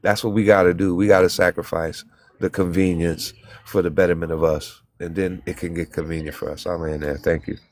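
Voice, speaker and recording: A man's voice: low-pitched, little pitch movement, fairly quick, darkish tone. A man in a heated group talk, preaching and telling stories with acted-out quotes and some cussing. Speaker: panelist. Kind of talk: impassioned group discussion.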